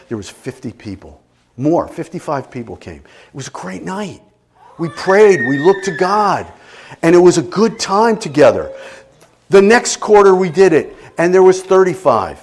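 A middle-aged man preaching a sermon as a pastor, emotional and animated, dropping at times to quiet intensity. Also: high voice. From Italian family background.

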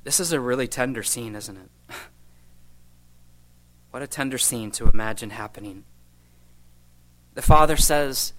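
A man preaching an expository sermon, reading scripture aloud and then commenting with gentle asides. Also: medium pitch, animated, a little slow, pauses often, low-quality recording.

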